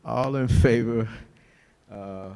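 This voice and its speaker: A man chairing a public board meeting, halting and easygoing, often correcting himself. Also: mid-range voice, vocal fry, darkish tone, smooth.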